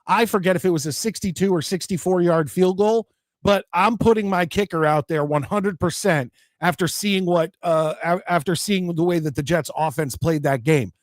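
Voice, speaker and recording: High-voiced man ranting about sports. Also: normal speed, dry recording, clean studio sound. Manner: frequent restarts, reads viewer comments aloud. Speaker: podcast host reading chat. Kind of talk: casual sports rant.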